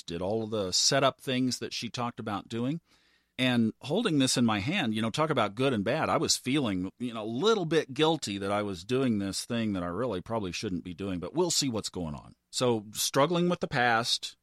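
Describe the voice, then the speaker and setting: A man in his fifties hosting a podcast, telling a personal story in an earnest way that builds to animated emphasis. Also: mid-range voice, dry recording, studio quality. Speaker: podcast host.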